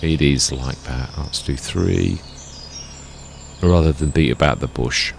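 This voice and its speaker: Man, chatty, self-correcting, gameplay commentary, low gravelly voice. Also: slow pace, slight background noise. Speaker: gaming let's play host.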